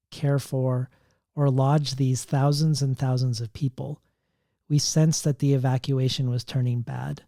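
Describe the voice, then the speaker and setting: A man hosting a literary interview, measured and careful as he reads quotations aloud. His voice is mellow and the recording is dry and close. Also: mid-range voice, no echo. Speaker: podcast host.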